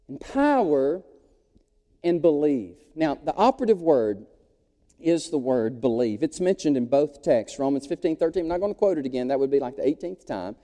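A man preaching a sermon as pastor, animated, folksy and joking. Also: on the high side. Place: church sanctuary. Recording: long reverb of a large hall.

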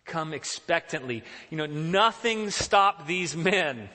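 Earnest preacher with a bright voice. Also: male voice, on the high side, animated, unhurried, big-room sound. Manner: earnest, questioning, emphatic. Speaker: pastor. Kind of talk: sermon.

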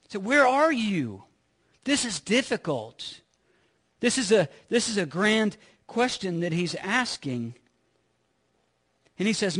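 A man preaching a sermon in an earnest way, often repeating his words and swinging from loud to hushed. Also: sits high, sing-song, unhurried, long pauses.

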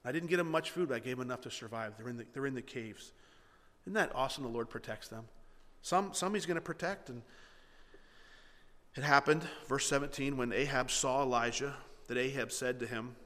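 A man preaching a sermon as pastor, animated, acting out the dialogue of the story and swinging between loud and hushed delivery. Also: a little high. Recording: long hall reverb.

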